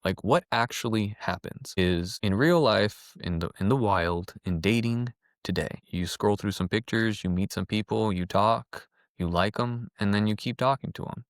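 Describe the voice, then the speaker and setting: Low-voiced man musing on a podcast. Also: normal speed, no echo, studio quality. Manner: reflective, thinks aloud with restarts. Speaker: podcast co-host. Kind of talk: casual chat.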